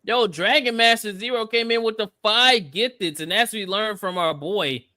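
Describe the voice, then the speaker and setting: A man co-hosting a casual podcast, giving loud, hyped shout-outs to viewers. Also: sits high, normal speed, no room sound, clean studio sound. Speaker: podcast co-host. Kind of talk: casual chat.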